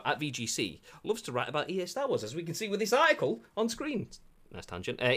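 Jokey animated British-show host man. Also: medium pitch. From United Kingdom. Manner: jokey, rambling, reads articles aloud with asides. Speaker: host of a video game news show. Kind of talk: casual live-stream news chat.

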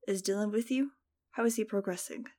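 A woman reading the part of a polite, quietly menacing male scientist villain in an audiobook. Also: mid-range voice, a little fast, natural voice. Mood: courteous. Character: smooth-talking male scientist villain, middle-aged.

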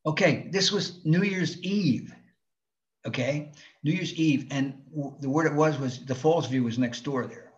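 A man's voice: on the high side, unhurried. A man, a stand-up comedian from New Jersey, telling stories from his shows in a casual chat, acting out scenes. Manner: animated storyteller, acts out scenes with laughs. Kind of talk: casual podcast storytelling. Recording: slightly dull lo-fi sound.

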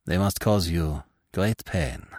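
A man's voice: low-pitched, expressive, takes it slowly, a little mellow, no echo, studio quality, heavily acted. A man reading aloud, voicing a polite and precise detective in a classic mystery story. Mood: courteous. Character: shrewd, courteous little male detective.

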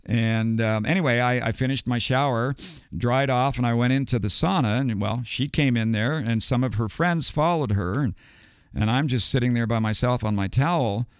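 Older man, gravelly and smooth. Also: medium pitch, no room sound, studio quality. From United States. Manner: halting, many ums and restarts. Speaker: guest, retired educator. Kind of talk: casual storytelling.

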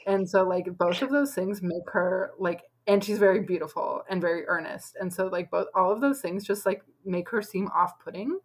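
A woman's voice: medium pitch, normal speed, hardly any pauses, breathy edge, rough recording. A young woman co-hosting a podcast, chatting casually and filling her talk with lots of "like". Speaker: podcast co-host. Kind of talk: casual chat.

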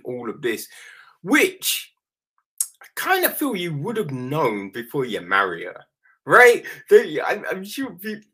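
A man's voice: mid-range voice, pushed and bright, breathy edge. A man recapping a horror film in a rambling, casual way, swearing now and then and often asking the listener "right?". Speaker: film reviewer.

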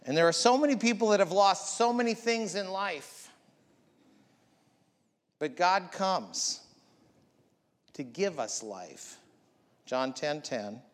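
A man's voice: high-pitched, animated, slow pace, pauses often. A man preaching a sermon as pastor, building up with emphatic repeated lines. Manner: preaching with rising, emphatic repetition. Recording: long hall reverb.

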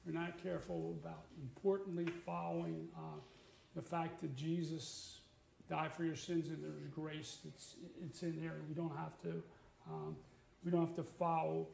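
Gravelly middle-aged man preaching in an echoey room. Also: a little high, warm tone, a little hiss or hum. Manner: conversational, with fillers and restarts. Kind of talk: sermon.

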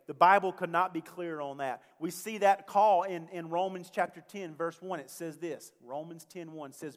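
Dynamic preaching man with a higher voice. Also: normal speed, few pauses. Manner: dynamic, swings from loud emphasis to quiet asides. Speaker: pastor. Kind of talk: sermon. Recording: long hall reverb.

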